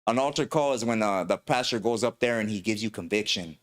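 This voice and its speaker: A man's voice: on the low side, brisk. A man, hosting a podcast and telling stories in a slangy, rambling way. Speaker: podcast host. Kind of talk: casual podcast storytelling.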